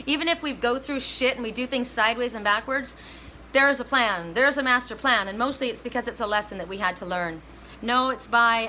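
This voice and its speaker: A woman's voice: fairly high pitch, sharp tone, a little hiss or hum, low-quality recording. A woman giving a live oracle card reading, chatty and emotional, breaking into bits of songs.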